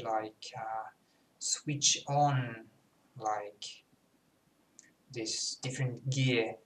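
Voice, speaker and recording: A young Finnish man, a native Finnish speaker, carefully works at a British RP accent in an unhurried, halting delivery. He sounds self-conscious and pauses often as he chats casually for a vlog. The room is echoey and has a faint hum of background noise. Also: mid-range voice, fairly bright tone. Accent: Finnish speaker attempting British RP. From Finland. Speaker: language student.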